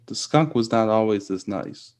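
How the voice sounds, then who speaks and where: A young man co-hosting a comedy podcast, talking in a hesitant, skeptical, low-key way. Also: normal speed, darkish tone. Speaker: podcast co-host. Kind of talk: casual comedic chat.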